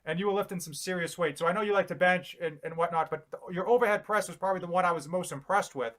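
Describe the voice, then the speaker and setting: A man's voice: sits high, fast, fairly bright tone. A middle-aged man co-hosting a casual live Q&A, rambling and self-deprecating with frequent restarts. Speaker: fitness YouTuber co-hosting a live Q&A. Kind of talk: casual live-stream chat.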